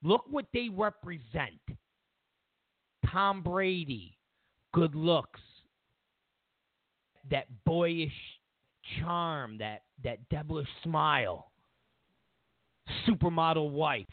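A man hosting a show, ranting in a sarcastic, mock-outraged way, jumping between shouting and muttering. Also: a little high, lively intonation, very slow, pauses often, no room sound. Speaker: host. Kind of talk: sarcastic political rant. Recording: dry tinny phone-like sound.

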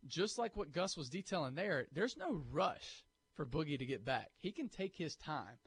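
This sports talk radio co-host has a fairly high voice and speaks at normal speed over slight background noise. He makes his argument in an animated, combative way, voicing imagined listener objections as he goes.

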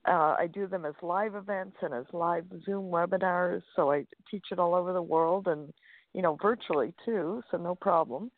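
A woman's voice: fairly low pitch, moderate pace. A woman guest author talking in an upbeat, chatty way, with many fillers and restarts. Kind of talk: interview over a phone line. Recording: dry, tinny phone line.

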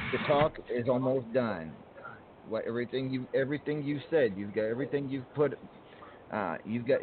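A man hosting a wrestling talk show, asking a guest about an upcoming match and pulling the talk back on topic. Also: medium pitch. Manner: steers the talk back on topic, halting restarts. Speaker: host. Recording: tinny phone-like line, faint noise.

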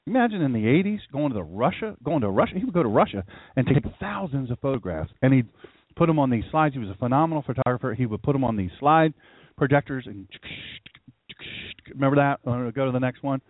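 This middle-aged pastor talks fast and expressively in a mid-range voice as he hosts a live radio program. His preaching is conversational, full of repeated phrases for emphasis, over a dry, tinny phone line with no echo.

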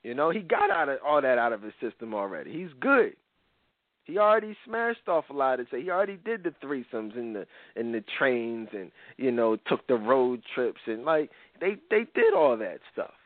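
A man's voice: mid-range voice, very animated, moderate pace, no echo. A man in his forties hosting a radio talk show, speaking bluntly in heavy slang with many restarts and asides. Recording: dry tinny phone-line radio sound.

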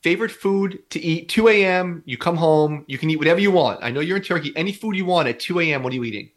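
A male podcast host who talks quickly and sounds a little higher than most men. He keeps the interview loose and eager, throwing in casual slang as he reacts. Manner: enthusiastic, quick questions, slangy "bro".

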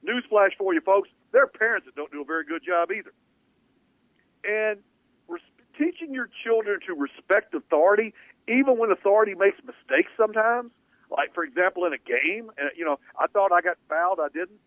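Male sports talk host, high pitch, emphatic, rambling delivery; dry, narrowband radio sound. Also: lively intonation, fairly quick, dry recording. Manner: emphatic, opinionated, rambling with restarts. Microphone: studio radio mic. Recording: dry phone-like radio audio.

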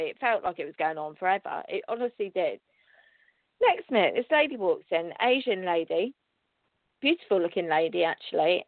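Lady host gabbing away, lively up and down voice, sounds like a phone line, dead dry. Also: a little high, dry recording. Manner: chatty, excitable, with restarts and laughter. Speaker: show host and psychic reader. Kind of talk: casual storytelling to listeners.

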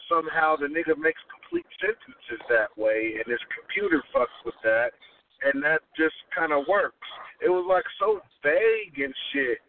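A man hosting a podcast in a loose, profane, rambling way, his voice sitting a bit on the high side. The sound is thin and narrow, like it is coming through a phone. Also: slight background noise. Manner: profane, rambling, laid-back. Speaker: podcast host. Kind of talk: casual chat. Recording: tinny phone-like line.

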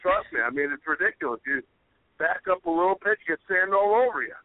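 A young man co-hosting a podcast, telling rambling stories in an animated way and yelling the quoted lines. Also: on the high side, quick pace, no echo. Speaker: podcast co-host. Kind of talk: casual storytelling chat. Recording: dry, tinny phone-like audio.

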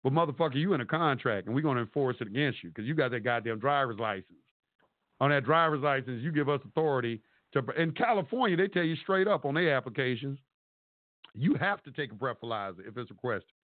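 A man's voice: medium pitch, expressive, fast talker, no room sound. A man calling in to a talk show, ranting in a profane, rambling, emphatic way over a phone line. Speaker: caller. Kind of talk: casual call-in rant. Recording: tinny phone line, dry.

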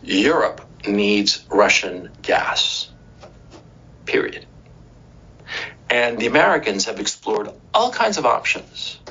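Husky, profane male political commentator. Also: on the low side, bright, forceful tone. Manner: profane, emphatic, rhetorical asides; checks in with "right?" and "okay?". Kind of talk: ranting commentary monologue. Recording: dull lo-fi recording.

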